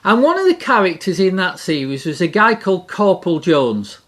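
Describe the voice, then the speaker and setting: A middle-aged speaker giving a devotional talk in an animated way, repeating key phrases for emphasis. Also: medium pitch, a little fast.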